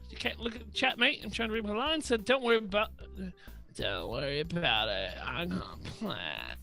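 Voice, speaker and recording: A man's voice: high-pitched, big pitch swings, normal speed, vocal fry, bright, forceful tone, faint music behind, heavily acted. A man improvising a brash, scheming young New Zealander with a put-on New Zealand accent, stammering and trading insults. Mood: blustery. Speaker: podcast co-host. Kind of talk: improvised comedy role-play.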